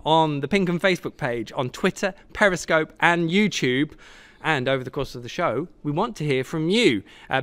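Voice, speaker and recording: A man hosting a live football show from a stadium, chatty and jokey with quick asides. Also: a little high, a bit bright. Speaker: host.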